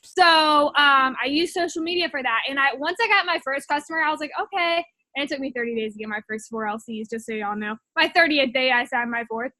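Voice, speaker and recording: A woman's voice: sits high, brisk, pushed and bright, no echo. A young woman telling her story in a chatty, rambling way, full of filler words. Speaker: network marketing distributor. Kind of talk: casual personal testimony.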